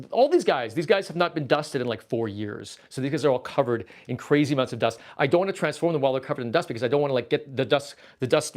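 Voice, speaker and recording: A man from Canada hosting a casual livestream, reading viewer chat aloud and rambling playfully as he packs up his collection. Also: a little high. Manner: rambling, playful, easily excited. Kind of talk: casual livestream chat while packing toys.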